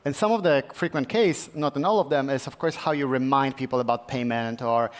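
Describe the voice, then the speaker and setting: A man answering as a tech company guest in a live on-stage interview, earnest and halting, with many restarts and fillers. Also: mid-range voice. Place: conference stage at a summit.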